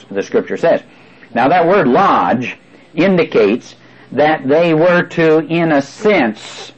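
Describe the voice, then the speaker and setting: A man's voice: mid-range voice, husky, highs cut off. A man preaching a sermon, explaining and repeating words for emphasis, with frequent fillers.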